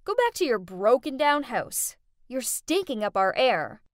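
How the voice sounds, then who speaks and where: A woman voicing a snobby, cruel rich teenage girl who talks in a haughty, shouting way. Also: on the high side, very animated, measured pace, no echo, clean studio sound.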